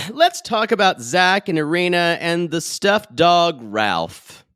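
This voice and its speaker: A man co-hosting a podcast, recapping a reality show in a gossipy, sarcastic, animated way. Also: on the high side, slow, clean tone, no echo, studio quality. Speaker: podcast co-host. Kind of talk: casual recap chat.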